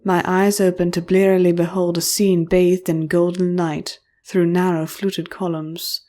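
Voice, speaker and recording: A woman reading a first-person fantasy audiobook in a measured, expressive storytelling voice. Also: lowish voice. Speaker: audiobook narrator.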